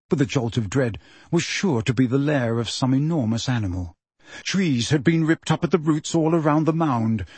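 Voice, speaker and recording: A man narrating an audiobook story in a slow, expressive storytelling manner. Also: a little high, slightly rough, no echo. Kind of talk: scripted narration.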